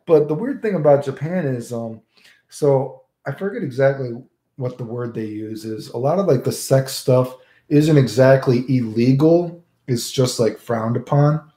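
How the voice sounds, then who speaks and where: An unhurried man with a warm, mid-range voice talks casually on a stream in a reverberant space. He rambles, responds to viewer questions, and habitually tags "right?" onto what he says.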